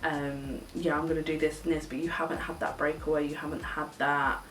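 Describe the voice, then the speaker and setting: A woman's voice: low-pitched, level tone, brisk, fairly bright tone, far from the mic. A young woman chatting casually while doing her makeup, gushing and chatty, swearing now and then. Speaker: beauty vlogger. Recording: echoey room, mic set back, faint hiss.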